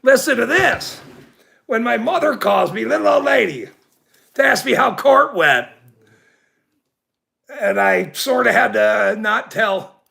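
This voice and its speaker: High-pitched gravelly man ranting. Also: lively intonation, takes it slowly, pauses often, bright, forceful tone. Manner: indignant, rambling, laughs often. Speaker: livestream host. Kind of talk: casual ranting livestream.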